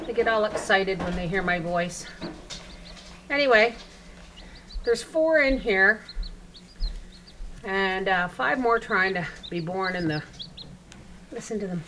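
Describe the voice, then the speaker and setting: A woman on a home vlog, cooing baby talk at newly hatched chicks between plain, unhurried remarks to her viewers. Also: medium pitch, noisy background.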